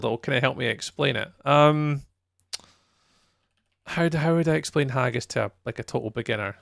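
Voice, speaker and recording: A man's voice: mid-range voice, normal speed, gravelly, long pauses, fairly bright tone, no room sound, clean studio sound. A Scottish man streaming a game live, chatting casually with viewers in a rambling way and laughing easily. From Scotland. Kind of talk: casual chat while playing a game live.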